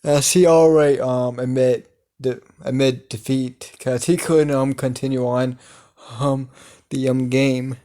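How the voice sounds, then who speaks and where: Guy making up a fan story as he goes, slow, lots of ums. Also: medium pitch, steady tone, mellow. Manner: hesitant, many fillers, laughs at own story. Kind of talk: improvised fan story narration.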